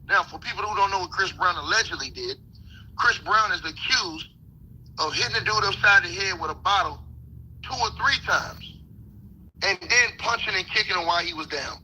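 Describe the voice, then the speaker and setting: A man's voice: high voice, normal speed, bright, forceful tone, slight background noise, rough recording. A man on a live stream reading news reports aloud and riffing on them in slang. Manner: reads reports aloud then riffs in slang.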